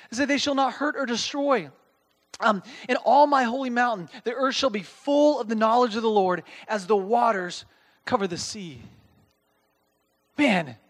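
A man's voice: extremely high pitch, fairly bright tone. A man preaching a conversational sermon. He reads scripture aloud, explains it in plain words and keeps checking in with listeners by asking "okay?". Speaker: pastor.

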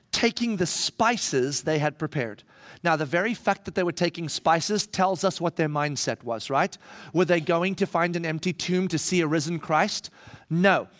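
A male preacher with a high-pitched voice delivering a sermon. He drops to a hush for scripture and rises to loud, dramatic emphasis. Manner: dramatic, swinging from hushed to loud.

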